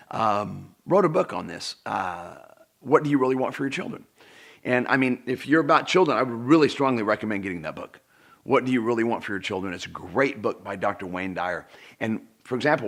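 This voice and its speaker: A middle-aged man delivers a personal development talk straight to the viewer. He is emphatic and earnest, repeats words to drive points home, and his voice swings widely between loud peaks and quiet drops. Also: medium pitch. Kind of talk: direct-to-camera self-help talk.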